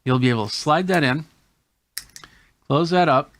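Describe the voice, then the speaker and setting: A man's voice: fairly high pitch, moderate pace, a bit bright. A man hosting a tech channel, explaining camera gear hands-on in a casual demo. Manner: explains hands-on while demonstrating gadgets.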